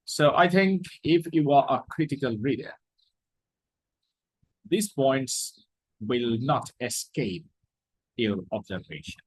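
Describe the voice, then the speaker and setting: A man's voice: mid-range voice, slow, pauses often, husky, no echo, low-quality recording. A man teaching a class, explaining words and repeating his points with emphasis. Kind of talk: classroom lecture.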